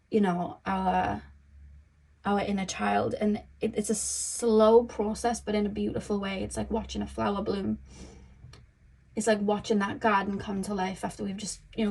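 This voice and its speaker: A woman's voice: medium pitch, vocal fry, darkish tone. Chatty young woman giving a tarot reading. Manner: chatty, rambling, lots of "you know" and "um". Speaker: tarot reader. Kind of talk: casual spoken tarot reading.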